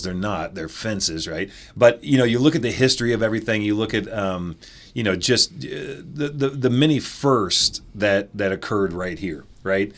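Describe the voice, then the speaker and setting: A man in his forties from the American Midwest, an animated and chatty storyteller telling stories as an interview guest. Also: lowish voice. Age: 40s. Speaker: former football player, interview guest. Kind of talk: casual interview.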